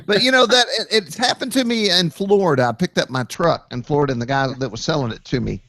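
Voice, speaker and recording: A man hosting a casual online hangout, telling stories with lively jumps in pitch when he quotes people. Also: fast talker, no room sound, clean studio sound. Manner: animated storyteller, jumps to high pitch when quoting people. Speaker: host, site admin. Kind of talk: casual chat, storytelling.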